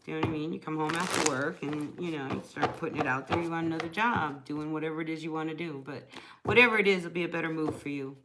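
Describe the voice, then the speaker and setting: A woman's voice: low voice, steady tone, fast talker, very noisy. A woman chatting casually during a live tarot reading, answering viewers by name and laughing often. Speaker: tarot reader.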